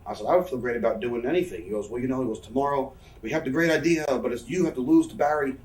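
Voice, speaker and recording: Talking very fast at a medium pitch with a slightly mellow tone, this thirty-something wrestler rambles through self-deprecating, profanity-laced stories as an interview guest. The room is roomy and the mic is set well back.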